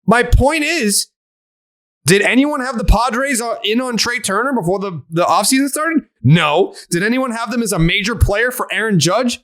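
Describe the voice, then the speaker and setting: A man hosting a sports podcast, ranting in a profane, animated way in casual chat. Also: extremely high pitch. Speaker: podcast host.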